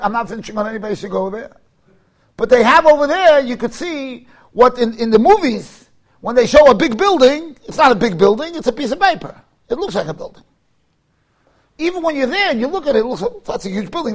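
In a very high-pitched voice, a man leads a Torah class full of animated storytelling. He weaves in Hebrew and Yiddish terms and rises to emphatic shouts.

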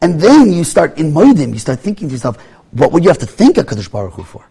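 Guy giving a sermon, kinda husky, voice goes all over the place, slightly high. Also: quick pace. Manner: animated, acts out little scenes in quoted voices. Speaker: rabbi.

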